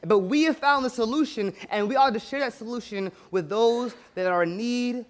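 Guy preaching in church, high voice, tells stories and keeps asking amen?. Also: moderate pace. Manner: storytelling preaching with frequent call-outs for amen. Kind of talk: sermon.

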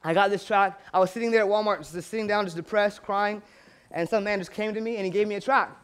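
A man's voice: high voice, fast, fairly bright tone, clear, resonant tone. A man preaching a sermon, telling stories and calling out for amens from the congregation. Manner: storytelling preaching with frequent call-outs for amen. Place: church.

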